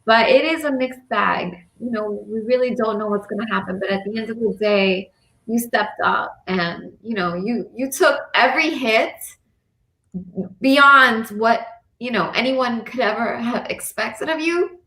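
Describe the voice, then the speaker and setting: A woman's voice: a little high, unhurried, bright, forceful tone, roomy sound. A woman on a video call, speaking in a rambling, heartfelt way with many fillers. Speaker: campaign supporter. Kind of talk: casual video call chat.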